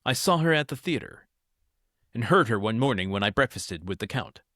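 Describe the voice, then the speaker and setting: A man's voice: mid-range voice, lively intonation, moderate pace, fairly bright tone, dry recording, clean studio sound. A man voicing an eager young French nobleman who insists earnestly and defends himself when teased. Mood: insistent.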